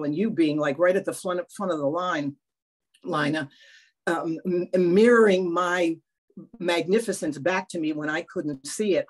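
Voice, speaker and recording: An older woman talking candidly on a video call, animated and self-mocking, swearing now and then. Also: on the low side. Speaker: workshop participant. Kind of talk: emotional personal sharing on a video call.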